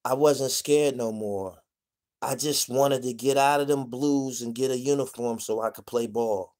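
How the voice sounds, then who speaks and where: A man from the Pittsburgh area spins a long personal vlog story in thick street slang. He swears freely, rambles, restarts his sentences and keeps tossing "you dig?" at the listener, at an ordinary mid pitch. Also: steady tone, unhurried, darkish tone. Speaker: vlogger telling prison stories. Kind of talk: casual storytelling monologue.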